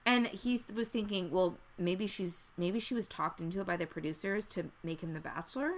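A woman's voice: lowish voice, fairly quick. A woman co-hosting a casual chat, rambling and profane, often restarting her sentences.

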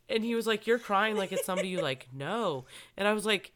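A woman with a bright, crisp and smooth voice, chatting casually with a friend. She tells her stories with animated, acted-out reactions. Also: mid-range voice, normal speed. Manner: animated storyteller, acts out her own reactions. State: congested from a cold. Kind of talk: casual chat.

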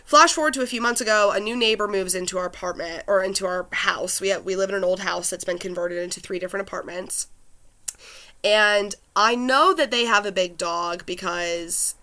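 A woman with a bright, sharp-edged voice tells a personal story in relaxed conversation. She is chatty and animated and scatters "like" through her sentences. Her delivery stays loose and unscripted. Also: medium pitch, brisk. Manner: chatty, lots of "like" fillers, animated retelling. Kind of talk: casual chat, telling a personal story.

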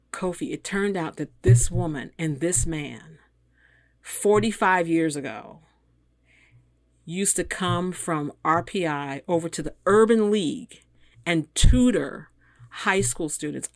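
A woman in her fifties with a lowish voice tells a long personal story as a guest, animated and quick to act out the people she quotes. The sound is close and dry, with no room around it. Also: dry recording. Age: 50s. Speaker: guest, engineer. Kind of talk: storytelling in a conversation.

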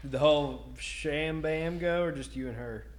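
A man's voice: fairly high pitch, normal speed. Laid-back male podcast host. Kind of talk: casual chat, telling a joke.

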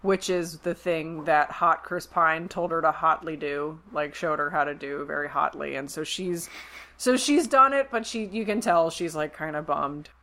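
A woman co-hosting a podcast, recapping a movie in casual chat and acting out the characters' lines in quick voices. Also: low-pitched. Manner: animated retelling, acts out quotes in quick voices. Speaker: podcast co-host.

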